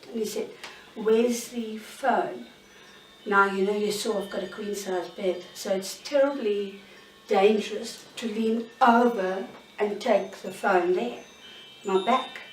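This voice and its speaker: A woman's voice: mid-range voice, fairly even intonation, soft background music. Woman in her sixties, roomy. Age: 60s. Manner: candid, halting, searching for words. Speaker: interviewee. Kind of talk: personal account in an interview. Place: bedroom in her own home. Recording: roomy sound, mic at a distance.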